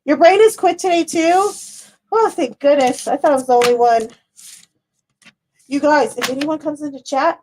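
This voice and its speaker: A woman's voice: high voice, normal speed, darkish tone. A woman reading tarot on a casual livestream, chatty and rambling, who laughs often and swears casually. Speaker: tarot reader.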